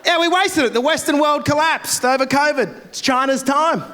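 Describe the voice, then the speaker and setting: A man's voice: very high voice, noisy background. A young Australian man doing a brash, crude stand-up set on a festival stage, speaking into a handheld mic. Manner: brash, crude, rapid-fire. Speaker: stand-up comedian.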